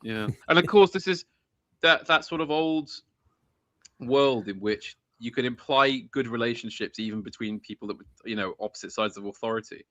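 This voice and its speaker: A man hosting a relaxed chat with a bright, forward voice. He is eager and full of stops and restarts, with easy laughter along the way. He is recorded dry and close. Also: mid-range voice, no room sound. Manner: enthusiastic, halting, often laughing. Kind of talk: casual chat.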